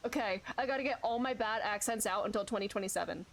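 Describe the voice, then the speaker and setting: A woman's voice: medium pitch, fast talker. A woman streamer giving giggly, self-mocking commentary while playing a story game. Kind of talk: casual gameplay commentary.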